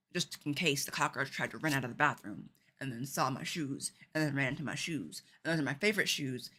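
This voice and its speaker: A woman streaming a game at home and telling a lively story to her chat, laughing often. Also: deep voice. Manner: animated, laughing, chatty with fillers.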